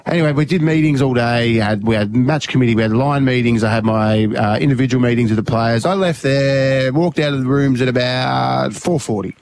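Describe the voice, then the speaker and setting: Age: adult. Sex: man. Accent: Australian. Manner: animated, rambling storyteller. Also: mid-range voice, fairly quick, hardly any pauses. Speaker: radio co-host. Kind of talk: casual radio chat.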